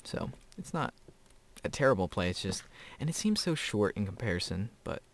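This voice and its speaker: A teenage boy with a lowish voice chats his way through gameplay, rambling from one thought to the next and laughing often. Faint keyboard clicks and typing sit quietly behind him. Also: very animated, normal speed, vocal fry, a little hiss or hum. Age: teens. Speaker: gamer. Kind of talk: casual gameplay commentary.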